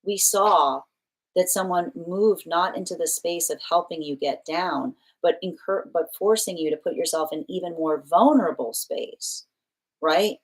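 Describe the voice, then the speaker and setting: A woman's voice: fairly low pitch, measured pace, poor audio. A woman giving a live tarot reading to a client, earnest and explanatory, often repeating herself. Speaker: tarot reader.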